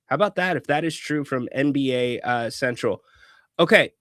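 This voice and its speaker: A man's voice: medium pitch, brisk, a bit bright, dry recording, clean studio sound. A man hosting a casual sports talk show, opinionated, often restarting words and chuckling.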